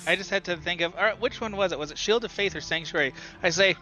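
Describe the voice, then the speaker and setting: A man's voice: high-pitched, quick pace, pushed and bright, muffled recording, faint music behind. A man playing a tabletop game, eagerly thinking aloud about his moves and reading rules out. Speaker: player. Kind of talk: casual tabletop game chat.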